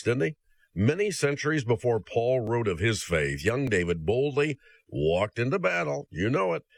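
A man's voice: on the low side, dry recording. A male preacher delivering a sermon, speaking earnestly and directly to the listener.

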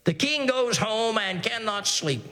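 A man with a notably high voice preaches a sermon. He reads old scripture in a measured, deliberate cadence, then presses his points with repeated phrases and rhetorical questions to his listeners. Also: lively intonation, bright, forceful tone, long reverb tail.

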